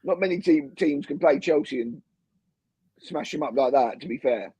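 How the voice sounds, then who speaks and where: A man co-hosting a casual football podcast over a video call, talking in a relaxed, rambling way. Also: on the high side, moderate pace, slightly rough, no echo. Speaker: podcast co-host. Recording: dull, dry lo-fi call audio.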